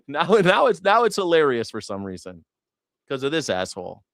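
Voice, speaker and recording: A man's voice: a little high, fairly bright tone, no echo, clean studio sound. A man hosting a news reaction show, chatting casually in a rambling, profane, sarcastic way. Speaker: host.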